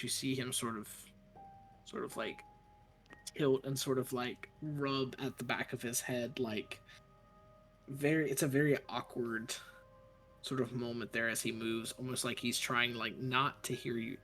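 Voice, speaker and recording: A man narrating a tabletop game as dungeon master, in a middle-pitched voice. He pauses often and hunts for words. Soft music runs faintly behind him. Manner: hesitant, searching for words.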